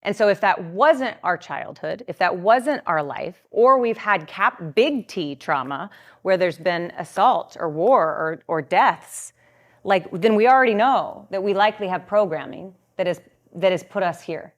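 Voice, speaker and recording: A woman's voice: mid-range voice, lively intonation, measured pace. A woman guest coach explaining in a masterclass talk, earnest, with many filler words and restarts. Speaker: guest coach on trauma and the nervous system.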